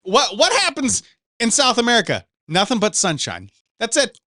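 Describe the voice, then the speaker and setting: A man's voice: very high-pitched, wildly swooping pitch, normal speed, bright, forceful tone, no room sound. Profane storytelling podcast guy, dry sound. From Pacific Northwest. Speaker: podcast host. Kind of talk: casual podcast banter.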